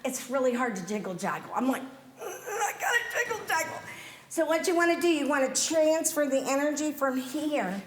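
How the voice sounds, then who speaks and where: A woman coaching an acting workshop, brisk, bubbly and directive. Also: a little high. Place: theatre workshop room. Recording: echoey room with faint noise.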